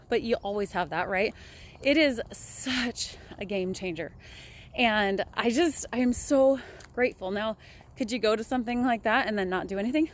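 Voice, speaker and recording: A young woman talking casually and upbeat in a motivational vlog, chatting while walking outdoors. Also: on the high side. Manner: chatty, upbeat, laughs often. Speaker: vlogger.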